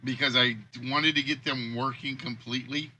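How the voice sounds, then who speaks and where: A man's voice: mid-range voice, fairly even intonation, normal speed, pushed and bright, a little hiss or hum. A man hosting a casual livestream, rambling and thinking aloud about the games he builds. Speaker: game show host and creator.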